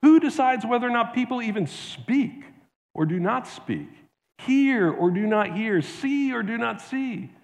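A man's voice: very high-pitched, expressive, measured pace, gravelly, big-room sound, pitched above the performer's own voice, full character voice. A man voicing God in a sermon reading, emphatic and asking rhetorical questions. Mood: commanding. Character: commanding divine male voice questioning.

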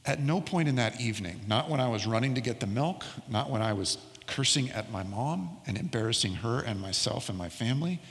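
A middle-aged man preaching a sermon as pastor, telling a personal story and slowing down to stress key words. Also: medium pitch, animated, fairly bright tone, long reverb tail. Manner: storytelling, slows down for emphasis.

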